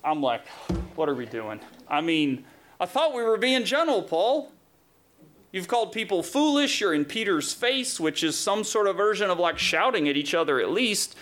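A man preaching a sermon in a conversational, animated way, acting out quotes with sudden jumps in pitch. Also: moderate pace. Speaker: pastor.

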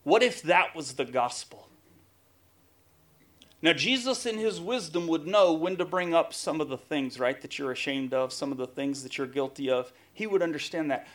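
A man's voice: fairly high pitch, normal speed, fairly bright tone. A man preaching a sermon, emphatic, often building long lists. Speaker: pastor.

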